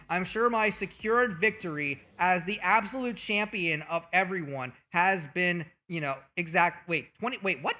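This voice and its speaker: A man hosts his livestream with a high, sharp, bright voice that jumps wildly up and down in pitch. He talks casually and rowdily, swearing often and bragging in jest. Soft music hums underneath. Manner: animated, profane, mock-boastful. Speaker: VTuber streamer.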